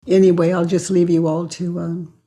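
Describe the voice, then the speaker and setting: An older woman slowly and calmly guiding a client through self-inquiry with probing questions. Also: on the low side. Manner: slow, calm and questioning, acts out quoted lines. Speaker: facilitator of self-inquiry sessions.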